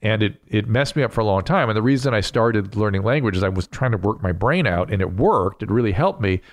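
Lower-voiced man explaining in a dry room. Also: expressive, fast talker, no echo. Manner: explanatory, lecturing. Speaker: host and physician. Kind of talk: casual podcast chat.

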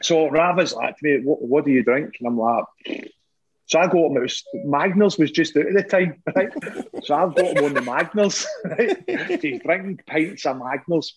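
A man's voice: fairly high pitch, sing-song, moderate pace, a little hiss or hum, low-quality recording. A man with a Scottish accent, a former footballer, telling swearing, laughing anecdotes in casual chat.

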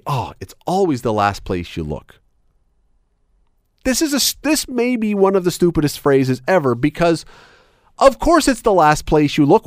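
A man's voice: clear, resonant tone, no room sound. Sarcastic radio guy ranting, voice jumps all over, dry mic. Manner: emphatic, sarcastic, wide swings in pitch. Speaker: radio show host. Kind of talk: opinionated talk radio rant.

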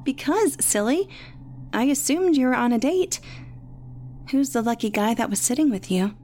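A woman's voice: a little high, animated, normal speed, a little mellow, a little hiss or hum, pitched above the performer's own voice, lightly acted. A woman voicing a playful young female friend who teases over the phone in a bubbly way. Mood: teasing. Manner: bubbly and teasing.

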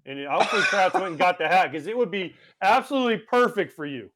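A man's voice: high-pitched, expressive, fast, noisy background. A man hosting a podcast, chatting in a playful, joking way. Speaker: podcast host. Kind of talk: casual podcast chat.

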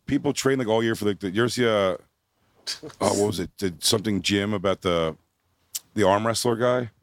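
A laid-back male comedian trading stories on a live podcast and laughing often. His voice sits low. The sound is dry and close. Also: fairly quick, no room sound. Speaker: comedian guest. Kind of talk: casual comedy chat.

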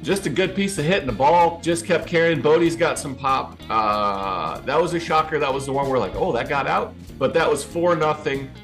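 A man's voice: fairly high pitch, expressive, normal speed, few pauses, fairly bright tone, soft background music. A man co-hosting a casual sports podcast, recapping a baseball game with stats and fillers. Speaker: podcast co-host.

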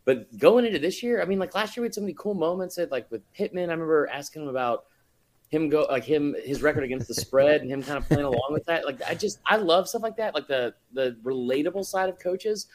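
A man's voice: fairly high pitch, fast talker. A man talking as a podcast guest in casual chat, rambling with lots of fillers and laughing often.

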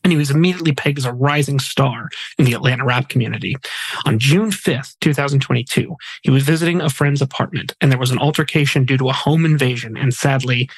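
A man's voice: mid-range voice, fast, slightly rough, dry recording, poor audio. A man hosting a music podcast, reading memorial facts in a chatty way with jokey asides. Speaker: podcast host. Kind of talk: casual podcast narration of memorial segments.

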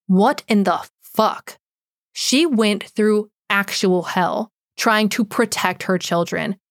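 A woman's voice: medium pitch, no room sound, clean studio sound. A woman hosting a true crime podcast who speaks bluntly and swears a lot, and says she is losing her voice. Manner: blunt and heavily profane. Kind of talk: podcast narration and unscripted outro rant.

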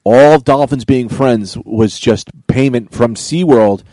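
A man co-hosting a casual podcast, joking and trading quick back-and-forth banter. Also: mid-range voice, warm tone, no echo. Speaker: podcast co-host.

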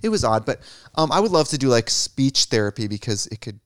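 A man co-hosting a casual comedy podcast, campy and jokey, often swooping into silly high voices. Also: very animated, brisk, dry recording, studio quality. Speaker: podcast co-host.

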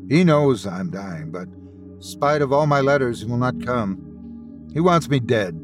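A man's voice: medium pitch, expressive, measured pace, music in the background, natural voice. A man voicing a feverish, dying man who gasps and pleads in guilt-ridden delirium. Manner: gasping, wild, pleading.

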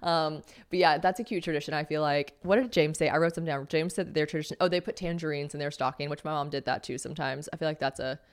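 Young woman podcast host, low voice, rapid chatty delivery with jokes. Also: fairly even intonation, clean tone. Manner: chatty, jokey, swears casually, reads ad copy brightly. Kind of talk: casual solo podcast chat.

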